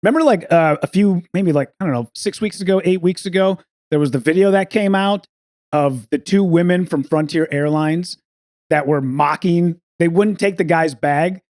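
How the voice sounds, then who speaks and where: A man's voice: moderate pace, darkish tone. A man, a comedian guest on a podcast, telling a rambling story with lots of swearing and acted-out quotes. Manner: acts out quoted people with big jumps up in pitch, swears a lot. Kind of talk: animated storytelling.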